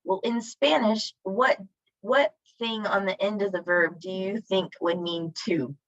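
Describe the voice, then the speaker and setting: A woman's voice: mid-range voice, fairly even intonation, measured pace, no room sound. A woman teaching a Spanish class online, asking students questions and praising their answers. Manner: encouraging, asks students questions. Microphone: video call. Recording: dull lo-fi video call audio.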